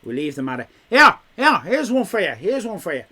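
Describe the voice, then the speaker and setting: A man's voice: high-pitched, big pitch swings, a little fast, sharp tone. A young Irish man hosting a quiz on a live stream. He is chatty and teasing as he reads chat messages aloud.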